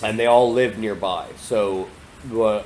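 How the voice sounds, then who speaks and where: A man's voice: fairly low pitch, steady tone, takes it slowly, darkish tone, a little hiss or hum. A young man chatting casually as a podcast co-host, rambling through stories with lots of fillers and swearing. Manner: rambling, profane, storytelling, many fillers. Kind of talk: casual chat.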